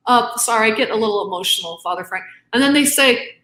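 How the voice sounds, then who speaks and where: A woman's voice: fairly high pitch, lively intonation, fast talker, hardly any pauses, pushed and bright, roomy sound. A middle-aged woman giving an impassioned interview as a guest author, earnest and emphatic, acting out both sides of arguments. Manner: earnest, emphatic, quotes arguments back and forth.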